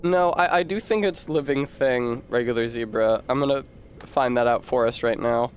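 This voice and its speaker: A man's voice: mid-range voice, moderate pace, slight background noise. A man streaming a game, rambling to chat and reading word origins aloud with casual swearing.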